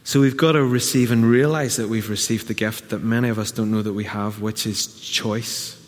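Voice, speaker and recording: A man's voice: lowish voice, steady tone. Man preaching in a reverberant church hall. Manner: conversational preaching, with quick quoted asides. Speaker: pastor. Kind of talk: sermon.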